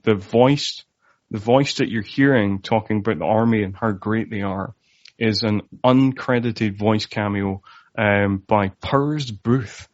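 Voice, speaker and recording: A man's voice: on the low side, no room sound. A man co-hosting a podcast in casual chat, sharing trivia and often restarting his sentences. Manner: chatty, shares trivia with hesitant restarts. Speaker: podcast co-host. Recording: dry, slightly dull audio.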